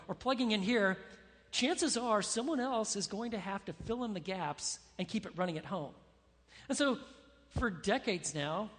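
A man pastor preaching a sermon with animated, emphatic delivery, acting out the words of the people in his story. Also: high voice, big-room sound.

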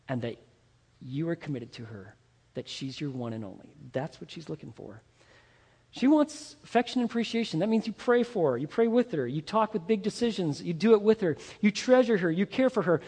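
A man's voice: high-pitched, darkish tone. A male pastor preaching a sermon, speaking emphatically and addressing the men in his congregation directly with rhetorical questions. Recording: long hall reverb.

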